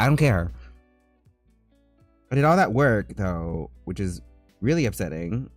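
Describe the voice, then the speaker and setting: Lively, loud man streaming. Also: lowish voice, moderate pace, no room sound, soft background music. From United States. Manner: loud, animated and jokey, with frequent "like" fillers. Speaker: livestreaming artist. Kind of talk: casual livestream chat while drawing.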